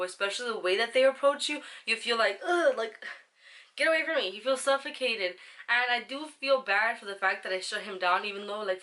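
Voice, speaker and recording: A woman's voice: a little high, sharp tone. A young woman vlogger chatting casually through a storytime, rambling and slangy, with some swearing.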